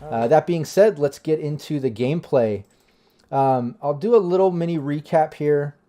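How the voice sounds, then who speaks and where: Casual game master narrating. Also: male voice, fairly high pitch, moderate pace, dark tone. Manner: casual, filler-heavy narration.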